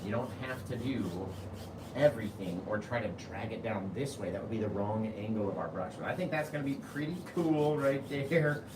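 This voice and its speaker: A man's voice: on the low side, lively intonation, normal speed, echoey room, noisy background. Chatty man teaching painting. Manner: chatty, keeps asking "right?"; laughs easily while talking. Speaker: painting instructor. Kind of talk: live painting tutorial.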